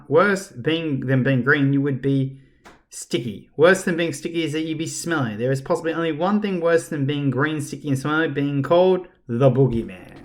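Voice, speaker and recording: A man narrating a children's storybook aloud, expressive and chatty with his listener. His voice sits a little high for a man. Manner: expressive, addresses the reader directly. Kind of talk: reading a children's book aloud.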